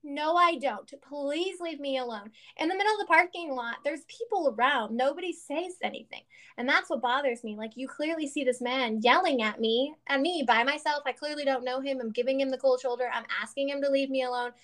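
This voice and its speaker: A woman's voice: high-pitched, brisk. A woman in her thirties, co-hosting a casual chat and telling stories earnestly, with lots of fillers. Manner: earnest, animated storytelling with many fillers.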